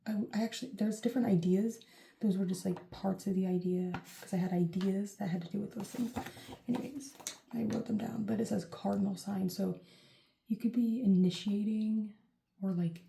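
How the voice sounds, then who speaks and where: A woman's voice: mid-range voice, steady tone, moderate pace, gravelly, mellow, a little hiss or hum. A woman giving a casual tarot reading to the camera, rambling and chatty with lots of "like" and "um". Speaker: tarot reader. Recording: roomy echo.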